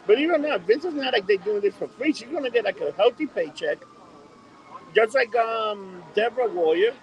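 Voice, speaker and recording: A man with a high voice talks bluntly in loose podcast banter. He argues his points in a casual, plain-spoken way and says "dude" a lot. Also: lively intonation, moderate pace, muffled recording. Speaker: podcast co-host. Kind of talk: casual chat.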